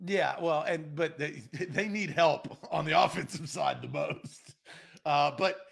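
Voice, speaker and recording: A man's voice: on the high side, unhurried, creaky, a bit bright, husky. A man co-hosting a sports podcast in casual, playful chat, going back and forth with his co-host. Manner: playful, talks over his co-host while debating pronunciations.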